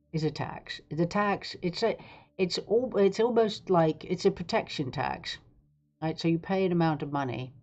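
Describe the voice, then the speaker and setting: A woman's voice: low voice, darkish tone, muffled recording. A woman hosting a live stream, talking in a rambling, sarcastic, digressive way. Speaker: livestream host. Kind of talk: casual live-stream commentary.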